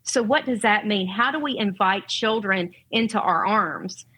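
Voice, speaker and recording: Bright-voiced Southern woman, earnest. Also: medium pitch, a little slow, husky, low-quality recording. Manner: earnest, heartfelt, faith-centered. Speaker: guest, parent and educator. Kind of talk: podcast conversation.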